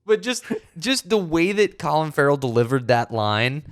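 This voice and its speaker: A man's voice: on the high side, sing-song, normal speed, no room sound. A man co-hosting a casual movie podcast, laid-back, swearing and trailing off as he hunts for names. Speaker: podcast co-host.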